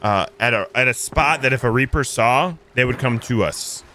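A young man playing an online pirate game with a friend, reacting quickly and joking, often restarting his sentences. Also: mid-range voice, sharp tone, a little hiss or hum. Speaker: co-player. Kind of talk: casual gameplay chat.

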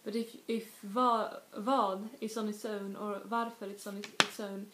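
A woman from Sweden, giving a casual video language lesson and explaining slowly with frequent restarts and spoken examples. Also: medium pitch, level tone. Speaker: language tutor. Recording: echoey room with faint noise.

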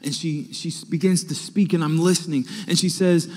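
A young adult man preaching a sermon, telling personal stories and acting out the dialogue with lively energy. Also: a little high, normal speed, hardly any pauses. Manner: animated anecdotes with acted-out dialogue. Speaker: pastor. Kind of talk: storytelling sermon. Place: church sanctuary. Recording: long hall reverb.

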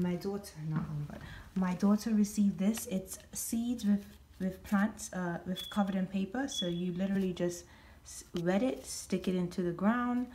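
A woman, a vlogger and pet owner, talks casually at home, explaining things step by step with many ums and restarts. Her lowish voice is mellow, with slight background noise.

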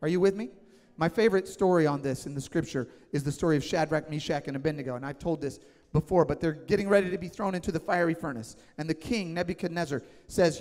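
Pastor guy in his 30s preaching, kinda high voice, lots of "right?", long church echo. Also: brisk, darkish tone. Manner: emphatic, conversational, asks the congregation questions. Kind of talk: sermon. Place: church sanctuary. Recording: long church hall reverb.

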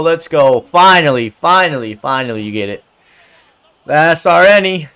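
A male gamer hypes up his soccer match, his slightly high voice swinging wildly up and down. He swears, cheers goals and yells at his teammates in a loose, excitable way. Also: moderate pace, clear, resonant tone. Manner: hyped, swearing, shouting at teammates. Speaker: gaming video creator. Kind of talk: excited gameplay commentary.

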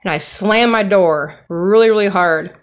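A woman's voice: mid-range voice, unhurried. A young woman rambling through casual true stories on a vlog, with many fillers and restarts. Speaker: storyteller.

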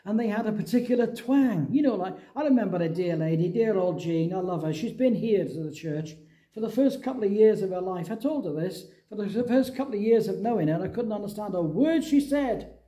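A middle-aged man from England preaching a sermon, telling a Bible story with lively acted-out dialogue. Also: high-pitched, a little fast.

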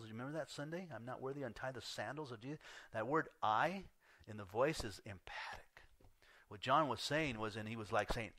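A male pastor preaching a sermon in an earnest way, swinging between loud emphasis and hushed asides. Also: medium pitch, brisk, no echo.

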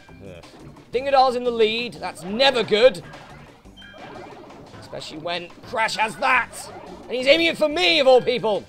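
A British man who hosts let's plays, giving excitable gameplay commentary full of swearing and frustrated outbursts. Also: extremely high pitch, normal speed, faint music behind. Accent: British English. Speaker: let's play host.

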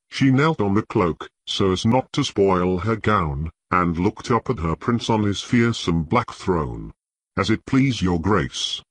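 A man reading a fantasy novel aloud as an audiobook narrator, in a measured, unhurried way. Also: low-pitched, lively intonation, husky, no echo.

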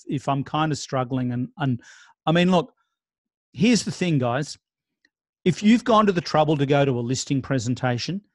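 A man's voice: on the high side, a little mellow, no echo. Aussie guy coaching agents, chatty, stumbles and restarts, dead dry mic. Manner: conversational, role-plays client scripts, frequent restarts. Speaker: real estate sales trainer. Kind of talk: casual training talk.

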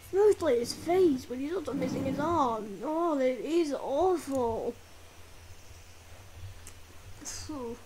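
A woman playing a video game role-play, talking casually and exclaiming often with squeamish oh and ugh sounds. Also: sits high. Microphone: desk mic. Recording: loud background noise.

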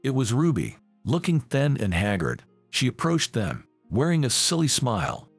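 A man narrating a scripted family story in a measured storytelling manner. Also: mid-range voice, big pitch swings, vocal fry, breathy edge, no room sound, faint music behind.

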